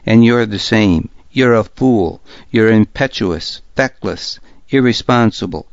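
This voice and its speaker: A man's voice: on the low side, a little slow, no echo, highs cut off. A man voicing a scornful, defiant old lord in an audiobook, cold and cutting. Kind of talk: audiobook character voice.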